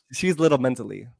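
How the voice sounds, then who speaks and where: A man's voice: mid-range voice, creaky, a little mellow, husky, no room sound. Male podcast co-host, emphatic and shady, dry close sound. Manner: emphatic, profane, playfully shady. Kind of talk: casual chat.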